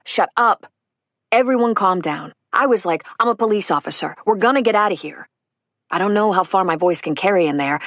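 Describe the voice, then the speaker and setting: A woman giving a steady first-person reading of a witness account for an audiobook. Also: on the low side, no room sound, studio quality. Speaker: audiobook reader.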